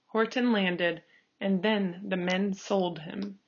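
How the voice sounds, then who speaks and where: A woman reading a picture book aloud, slow and expressive, calling out the page turns. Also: medium pitch, slight background noise. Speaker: storybook reader. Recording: dull lo-fi recording.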